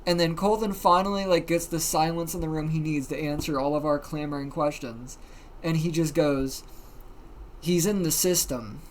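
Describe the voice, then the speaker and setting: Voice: medium pitch, moderate pace. Streamer telling a rambly story, swears a lot, says like constantly, faint noise behind. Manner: animated, profane, many fillers. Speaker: livestreamer. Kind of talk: casual storytelling.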